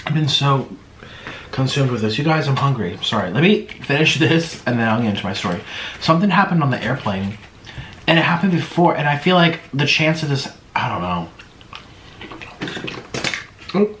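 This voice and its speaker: A man's voice: mid-range voice, normal speed, pauses often. A man hosting a mukbang, telling a rambling story casually while eating. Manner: chatty, rambling, animated. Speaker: mukbang host. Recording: roomy echo, faint background hiss.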